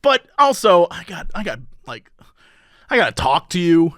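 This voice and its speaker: A man's voice: high voice, very animated, moderate pace, a bit bright. A man in his thirties co-hosting a comedy podcast, joking and laughing often in casual chat. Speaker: podcast co-host.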